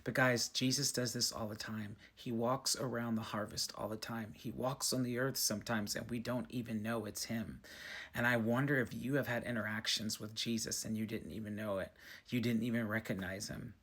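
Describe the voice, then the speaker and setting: A man's voice: normal speed, husky. A man casually telling viewers a personal faith story, acting out his own past words in a lifted voice. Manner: animated, acts out his own past lines in a higher voice. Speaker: Christian speaker sharing a testimony.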